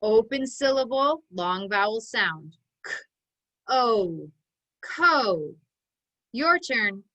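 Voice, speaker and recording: Woman, phonics teacher, slow drill calls, bright voice. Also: on the high side, expressive, poor audio. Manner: slow, deliberate drill calls, sounding out each part. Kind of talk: online phonics lesson.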